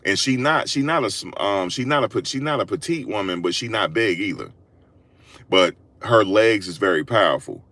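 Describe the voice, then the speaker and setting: Man, deep-ish voice, slangy storyteller, animated and repetitive, recorded on a phone in a car. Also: dry recording. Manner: animated, slangy, repeats himself, laughs a lot. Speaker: vlogger. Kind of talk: storytelling monologue. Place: in a parked car.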